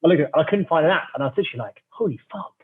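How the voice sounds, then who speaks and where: A man's voice: on the high side, racing. A man, a startup founder, telling a story in a cheeky, theatrical way and swearing freely. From England. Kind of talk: animated anecdotal storytelling. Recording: tinny phone-like remote line.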